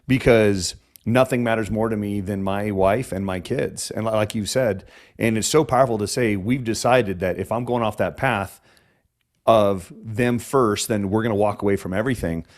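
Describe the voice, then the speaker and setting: A man's voice: on the low side, moderate pace. A man hosting a podcast interview, a chiropractor who talks in an emotional, rambling way with many restarts.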